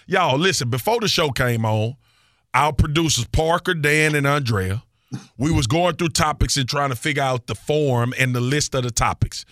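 A man's voice: on the high side, normal speed, fairly bright tone, no room sound. Male podcast co-host, loose and joking, slangy delivery, dry close sound. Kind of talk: casual sports talk.

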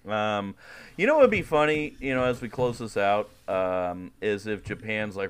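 A man's voice: fairly low pitch, moderate pace. A man co-hosting a podcast in a casual, joking, teasing chat. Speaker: podcast co-host.

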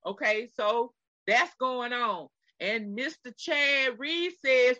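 Texan woman co-host, animated storyteller, bright voice, lo-fi dry recording. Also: slow, no room sound. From Texas. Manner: animated retelling, acting out quotes in a high screaming voice. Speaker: podcast co-host. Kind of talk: casual storytelling chat.

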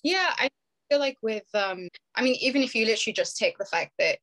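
A woman's voice: a little high, animated, fairly quick, fairly bright tone. A woman with a British accent in casual chat on a video call, chatty, laughing often, with many fillers. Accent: British English. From United Kingdom.

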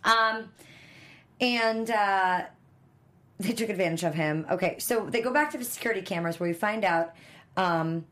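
A woman's voice: medium pitch, normal speed, fairly bright tone. A woman co-hosting a fan after-show, recapping an episode in casual chat, rambling with lots of ums and uhs. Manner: rambling, filler-heavy storytelling.

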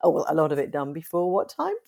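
A woman's voice: sits low, sing-song, quick pace, creaky, warm tone. A woman guest on an interview show, talking in a chatty, stop-and-start way. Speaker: guest, company co-founder. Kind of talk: casual interview chat.

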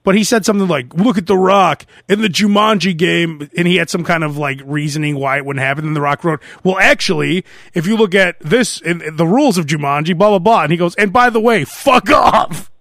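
A man's voice: fairly high pitch, a little fast, few pauses, no echo, studio quality. A man hosting a podcast in casual chat, telling stories with lots of laughter and acted-out quotes. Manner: animated storyteller, laughs often, acts out quotes. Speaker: podcast host.

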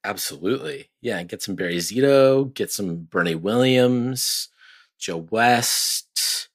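Low-voiced chatty podcast man. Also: slow. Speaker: podcast co-host. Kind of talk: casual sports podcast chat.

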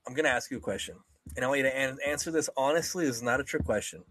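A man's voice: medium pitch, rapid-fire, a bit bright, no echo. Joking, rambling young man, dry mic. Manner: rambling, joking, swears freely, mimics others. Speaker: podcast co-host. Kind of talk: casual chat.

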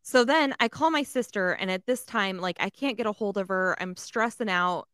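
Woman podcaster from Texas, animated storyteller, dry studio mic. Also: medium pitch, normal speed, clear, resonant tone, no room sound. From San Antonio area, Texas. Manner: animated, swears freely, acts out other people's lines. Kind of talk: casual storytelling chat.

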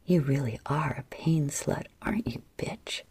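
A woman voicing a commanding, cruel mistress in a low, throaty whispered role-play. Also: animated, takes it slowly, gravelly, dark tone, slightly rough, exaggerated voice. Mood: menacing.

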